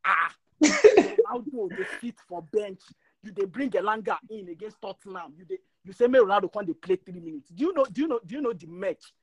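A man's voice: high-pitched, lively intonation, fast, dry recording, low-quality recording. A man, ranting passionately in a casual podcast chat and stumbling over repeated words when worked up. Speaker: podcast co-host.

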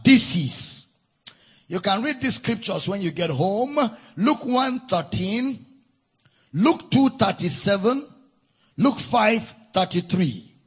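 A man preaching a sermon at a church service, repeating key phrases and swinging between shouted, sung emphasis and drawn-out words. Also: high voice, animated, breathy edge. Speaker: pastor.

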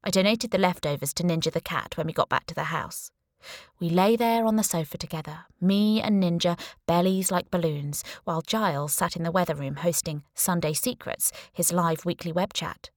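A woman's voice: on the low side, normal speed, no echo. A young adult woman narrating a thriller audiobook in the first person, with a dry, wry manner.

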